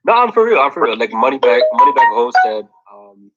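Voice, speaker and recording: Brief: mid-pitched man, animated, insistent interjections, lo-fi. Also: brisk, over loud music. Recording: lo-fi app audio.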